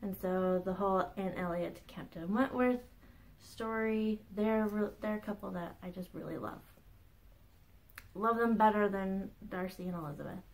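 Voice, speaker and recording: A woman's voice: mid-range voice, normal speed, a little mellow, low-quality recording. A woman in her thirties hosting her own crafting podcast at home, chatting casually and bubbly, often breaking into a laugh between asides. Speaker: podcast host. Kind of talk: casual chat.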